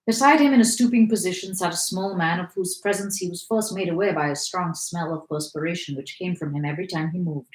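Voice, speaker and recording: A woman reading a classic novel aloud in a clear, even way. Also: on the low side, brisk, hardly any pauses. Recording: echoey room.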